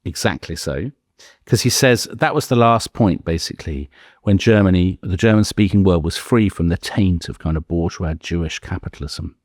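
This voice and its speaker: A man tells a history story in a casual, animated way. His voice sits very low. The sound is dry and close, with no room echo. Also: moderate pace. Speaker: podcast co-host.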